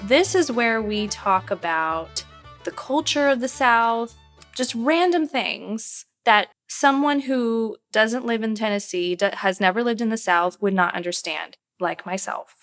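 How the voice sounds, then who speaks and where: A woman's voice: on the high side, a little slow, fairly bright tone, faint music behind. A woman co-hosting a casual podcast chat, curious and chatty as she reads items aloud to quiz her co-host.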